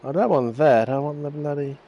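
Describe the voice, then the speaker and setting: A man's voice: on the high side, brisk, mellow, highs cut off. A man giving casual, chatty commentary while playing a game and teasing viewers by name. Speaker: gaming streamer.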